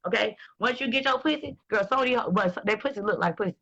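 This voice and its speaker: A woman, talking in blunt, profane and animated casual chat as host. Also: a little high, fast, muffled recording. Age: 20s.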